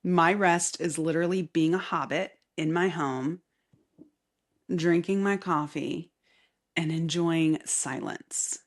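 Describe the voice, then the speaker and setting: A woman hosting a casual solo podcast with a light Southern accent, chatty and rambling, often laughing and dropping into soft asides. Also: sits low. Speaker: podcast host. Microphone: camera mic facing the speaker.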